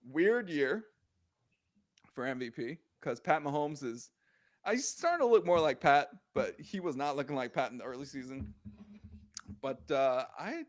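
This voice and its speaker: Young male sports podcast host; high, animated voice, casual slangy delivery. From Korean American. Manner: animated, heated and joking, with lots of slang fillers.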